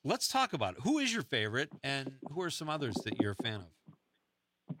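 A man hosting a radio show in casual chat, chatty and quick to laugh. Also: medium pitch, wildly swooping pitch, a bit bright. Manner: chatty, laughs often, quotes lines playfully. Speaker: radio host.

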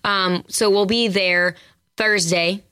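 A young woman, a singer-songwriter, chatting as a guest in a radio studio, halting and friendly with many ums. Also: medium pitch, steady tone, sharp tone, smooth. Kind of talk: casual radio interview chat.

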